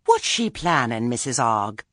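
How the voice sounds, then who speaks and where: A man's voice: mid-range voice, very animated, measured pace, a bit bright, no echo, studio quality. A man doing a prim, fussy committee lady.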